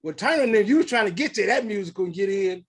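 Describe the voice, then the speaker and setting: A lively man from St. Louis with a noticeably high voice leads a casual interview. He speaks, acts out quotes in his stories, and laughs often. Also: very fast, slightly rough. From St. Louis, USA. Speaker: podcast host.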